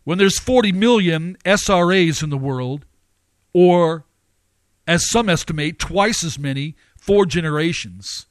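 A man's voice: fairly high pitch, animated, unhurried, dry recording. A man preaching a sermon, emphatic, with repeated phrases and sudden rising outbursts.

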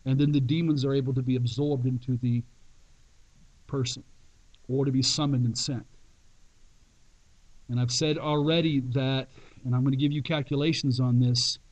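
A male pastor telling a dramatic story in a sermon, emphatic and with long pauses. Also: medium pitch, steady tone, darkish tone, low-quality recording.

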